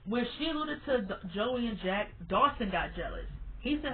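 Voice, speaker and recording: A woman's voice: a little high, lively intonation, normal speed, slight background noise. A woman reviewing a TV show in a casual vlog, blunt and emphatic, who swears freely and repeats words for stress. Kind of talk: casual opinionated vlog rant. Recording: tinny phone-like sound.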